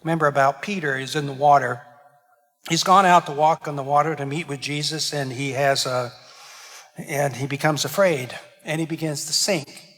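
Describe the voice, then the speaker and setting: A man's voice: on the high side, steady tone, moderate pace, fairly bright tone, big-room sound. A man, a parish priest, preaching a homily and explaining Greek words with dramatic emphasis. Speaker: pastor. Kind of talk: sermon. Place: church.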